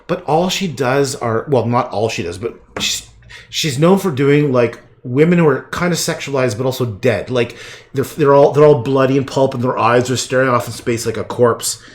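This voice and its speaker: A middle-aged man from Canada chatting casually while painting, with rambling, profane asides that often trail off quietly. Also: mid-range voice, moderate pace. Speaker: livestreaming painter.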